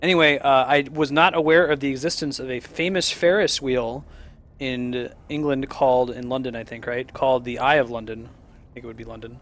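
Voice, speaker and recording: A man's voice: medium pitch, fairly even intonation, fairly quick, a bit bright. Chuckling young American man rambling. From United States. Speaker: game streamer. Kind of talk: casual chat over gameplay.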